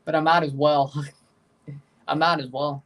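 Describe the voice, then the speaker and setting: A man's voice: on the high side, little pitch movement, unhurried, recorded from a distance. Casual man rambling on a livestream. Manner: rambling, repeats himself, chuckles. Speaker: livestream watchalong host. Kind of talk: casual live reaction chat.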